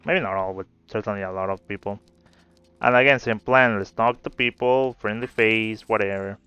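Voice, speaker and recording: While playing a game, a man tells a loose, meandering story, relaxed and swearing now and then, in the style of a gameplay video creator's commentary. His lowish voice is bright, forceful and smooth, at a moderate pace, with no echo. The audio is slightly dull, with faint game music.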